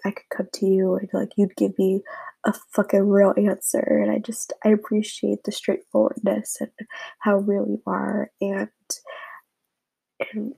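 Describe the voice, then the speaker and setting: Husky young woman with a gravelly edge. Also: medium pitch, dark tone, low-quality recording. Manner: rambling, emotional, drops to a whisper at times. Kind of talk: casual heartfelt message to friends.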